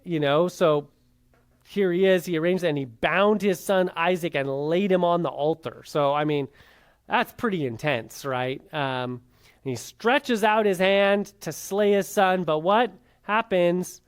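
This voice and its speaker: Bible class teacher, mid pitch, informal lecture, casual fillers, tag questions, rhetorical questions to the class. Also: a little slow, smooth. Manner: asks the class rhetorical questions and then answers them.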